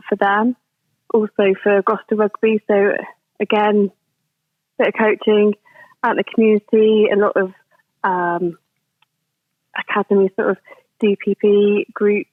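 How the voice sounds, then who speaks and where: A woman's voice: medium pitch, no room sound. Woman on a tinny phone line. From England. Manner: chatty, rambling, many ums and restarts. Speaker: guest, rugby coach. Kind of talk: podcast interview answers. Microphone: phone or video call.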